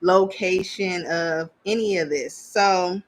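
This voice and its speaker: A woman's voice: lowish voice, slow pace. Woman, casual reality TV recap, blunt, chatty, laughs a lot. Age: adult parent. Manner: chatty, blunt, laughs often, trails off searching for names. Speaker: reality TV reviewer. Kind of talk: casual commentary.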